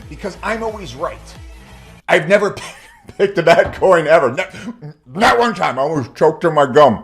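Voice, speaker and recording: A man's voice: sits high, a bit bright. A middle-aged man, a crypto YouTuber, ranting to camera in a comedic, mock-humble, boastful way, swearing and laughing at his own jokes.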